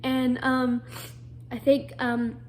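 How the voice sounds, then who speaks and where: A young woman with a slightly high voice tells a personal story. She is earnest and emotional, and she often restarts with fillers. A faint noise sits underneath. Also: completely flat delivery, takes it slowly, darkish tone. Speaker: guest telling her story.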